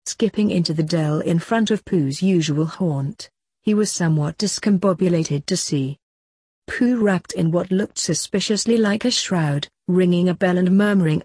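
A woman reading a satirical story aloud as narrator, in a wry, measured way. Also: fairly low pitch, dark tone, breathy edge, no echo, studio quality.

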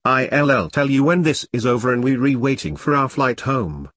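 Stubborn ailing woman soldier for an audiobook, defiant and swearing, read by a man in his own mid-pitched voice, dry close sound. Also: expressive, moderate pace, fairly bright tone, dry recording. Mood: subdued. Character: angry stubborn young woman soldier, sick and weak.

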